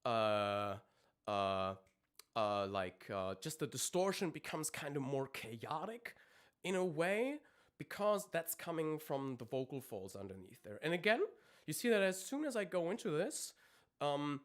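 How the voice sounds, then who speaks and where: A vocal coach with a fairly high, very animated voice takes his time explaining technique during a live-streamed lesson. Ums and restarts crop up constantly, and he breaks away to demonstrate screams.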